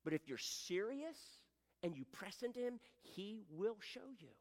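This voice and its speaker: A middle-aged man preaching a sermon as pastor, animated and swinging from quiet asides to loud emphatic pleading. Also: high-pitched, unhurried. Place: church sanctuary. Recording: long hall reverb.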